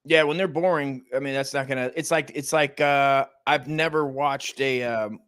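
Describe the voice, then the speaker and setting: A man's voice: mid-range voice, steady tone, normal speed, a bit bright, clean tone. A man from the United States co-hosting a comedy podcast, talking in rambling, profane bursts that trail off mid-thought. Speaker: co-host. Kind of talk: casual comedy podcast chat.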